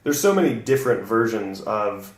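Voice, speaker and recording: A man's voice: lowish voice, animated, moderate pace, recorded from a distance. A man from the Southern United States, a guest comedian in casual chat, easygoing and rambling, laughing often. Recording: roomy echo, from the mic.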